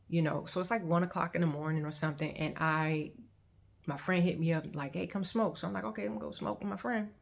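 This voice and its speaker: A woman tells her personal testimony. Her voice sits low with a gravelly, fry-edged texture. She talks conversationally and gets animated when she quotes other people. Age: 30s. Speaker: testimony vlogger.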